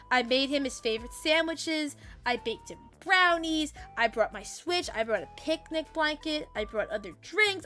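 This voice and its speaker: A young woman streamer telling a story in casual chat, animated, swearing freely and laughing as she goes. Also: sits high.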